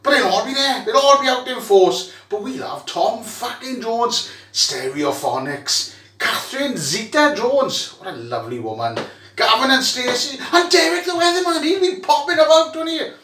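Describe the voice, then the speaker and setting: A rowdy Welsh man rants as a rugby fan with loud, jokey, sweary energy. His voice sits high and jumps all over the place. He sounds a little way off the mic in an echoey room with a faint hiss. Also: very animated, normal speed, distant mic. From Wales. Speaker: vlogger. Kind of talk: excitable rugby fan monologue.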